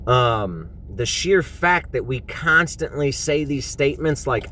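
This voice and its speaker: A man's voice: medium pitch, expressive, unhurried, few pauses, fairly bright tone. An emphatic man giving a heartfelt faith talk. He leans on repetition and casual slang, pressing each point hard, with a mid-range voice. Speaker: truck driver sharing faith.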